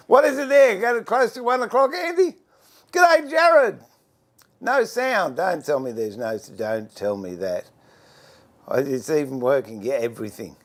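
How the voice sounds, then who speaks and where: Lively high-voiced older Australian man. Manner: chatty, greets viewers by name, fiddles with gear while talking. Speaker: livestream host and furniture maker. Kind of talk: casual livestream chat.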